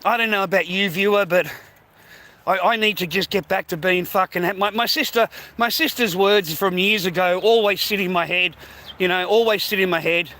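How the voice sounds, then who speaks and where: A man with an Australian accent rants on a live stream in a high, sharp, forceful voice. He rambles and swears constantly, with scornful laughter between his points. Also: moderate pace. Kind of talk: casual live-stream rant.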